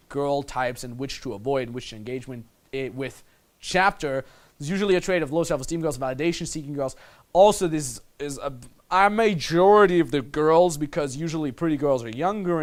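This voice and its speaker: A male dating coach narrating a lesson over footage. He talks in a casual, crude way and keeps his voice a touch above the usual male pitch. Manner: crude, casual, mimics others in put-on voices.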